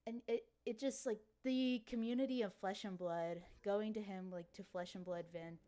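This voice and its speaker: Woman co-host, slight Cajun accent, smooth clear voice, chatty and loose. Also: mid-range voice, steady tone, warm tone. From Louisiana. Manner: chatty, lots of "like" and quick laughs. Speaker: podcast co-host. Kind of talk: casual chat.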